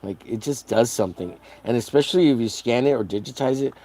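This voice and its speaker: A man's voice: mid-range voice, fast talker, mellow. A man casually chatting on a livestream while coloring a comic, rambling with many fillers and laughing at his own jokes.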